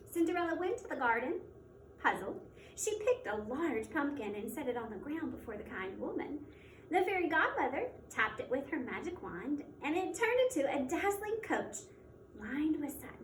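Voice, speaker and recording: A woman teacher reads a children's fairy tale aloud, expressive and measured. Her voice is quite high. It sounds echoey and distant, with a faint hum behind it. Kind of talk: storybook read-aloud. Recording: echoey room, mic at a distance, faint background noise.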